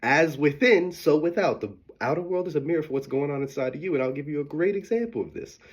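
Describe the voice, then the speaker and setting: Man, husky tone, candid, emphatic, profane, motivational monologue. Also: on the high side, rapid-fire, dark tone, dull audio. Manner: candid, emphatic, swears, laughs often; acts out quoted voices of himself and his mom. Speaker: host.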